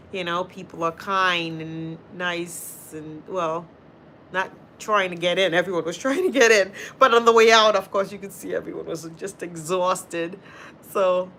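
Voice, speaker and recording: A woman's voice: medium pitch, sharp tone, a little hiss or hum. A woman from Boston with a Boston accent, a healthcare teacher hosting a casual livestream and chatting straight to her viewers while answering their comments. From Boston, Massachusetts.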